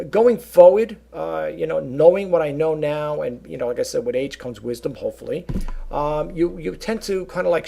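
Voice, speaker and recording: Middle-aged man, very gravelly voice, slightly high pitch, casual rambling vlog talk, lots of fillers. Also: a little mellow. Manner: rambling, many fillers and asides, addresses viewers as folks. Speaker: vlogger and eBay reseller.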